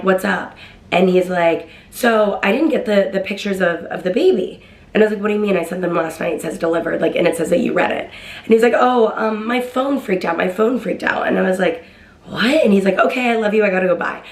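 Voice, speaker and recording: Chatty young woman in an echoey room. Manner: chatty, excitable, acts out quotes in a higher voice. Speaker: vlogger. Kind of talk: casual storytime.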